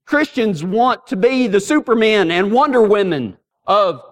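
A middle-aged pastor with a high voice preaches unhurriedly, filling his sermon with folksy, funny stories told in an animated way.

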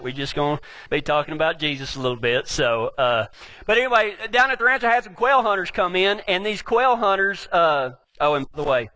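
Folksy West Texas cowboy preacher, high bright voice. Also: male voice. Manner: folksy, rambling, joking, with cowboy slang. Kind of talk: storytelling sermon to a live audience.

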